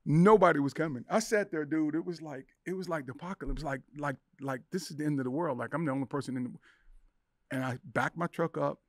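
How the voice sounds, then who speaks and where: A man's voice: on the high side, fast talker, no room sound, clean studio sound. A middle-aged man, a podcast guest, telling an emotional personal story with intensity, acting out the voices in his head. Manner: intense, acts out inner voices and quotes.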